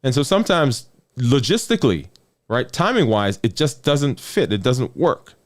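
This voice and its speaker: A man speaks as a physician giving a conversational health talk. His pitch is lively and animated, and he often sinks low and quiet for emphasis. He keeps checking in with the listener and repeats phrases to drive a point home. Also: moderate pace. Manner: drops low and soft on key words.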